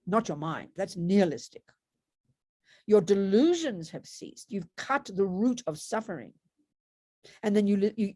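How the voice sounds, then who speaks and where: A woman's voice: mid-range voice, a little mellow, no room sound, clean studio sound. A woman giving a Buddhist dharma talk to students, conversational, with rhetorical tag questions and frequent restarts. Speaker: Buddhist meditation teacher.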